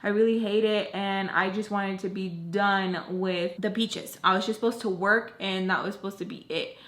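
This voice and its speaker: A young woman tells a personal story in a loose, chatty vlog style, padding her lines with "like" and retelling events with animation. Her voice sits at a medium pitch. The recording carries a noticeable roomy echo. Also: steady tone, normal speed, fairly bright tone. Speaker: vlogger telling a story. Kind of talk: casual storytime chat.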